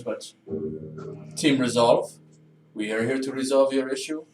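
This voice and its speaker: A man's voice: medium pitch, unhurried. A man chatting casually as a player in a tabletop game, easygoing and joking. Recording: roomy distant mic with music.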